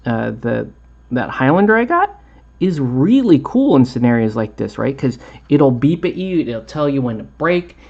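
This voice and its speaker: Rambling, easygoing male painting host who laughs a lot; average pitch, dull recording. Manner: rambling, chatty, laughs often. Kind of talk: casual chat while painting a tutorial.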